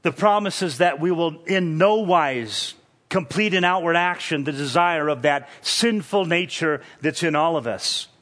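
A man preaching an expository sermon, teaching verse by verse in a measured, emphatic way. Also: on the high side, fairly bright tone.

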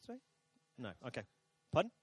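In a church auditorium, a male pastor preaches a sermon to his congregation at a fairly quick pace with no echo. His delivery is chatty and jokey, and he talks back and forth with the crowd.

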